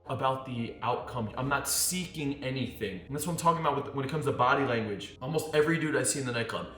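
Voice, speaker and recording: In an echoey room with faint music, a man talks fast in a medium-pitched voice while coaching on dating. His casual monologue is full of animated stories, swearing and acted-out quotes.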